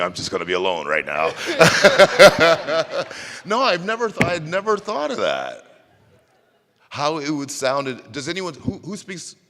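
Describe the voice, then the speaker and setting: A man's voice: mid-range voice, pushed and bright, a little hiss or hum. A man answering audience questions on stage at a convention panel, teasing and laughing often. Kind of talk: lively Q&A with an audience. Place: large convention hall. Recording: echoey convention hall.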